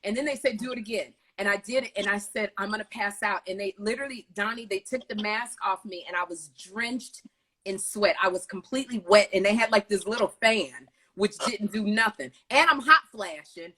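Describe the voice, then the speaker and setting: A woman hosting a casual live video chat, telling lively stories over a video call. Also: medium pitch, moderate pace, breathy edge. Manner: animated storytelling, lively retellings. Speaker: host.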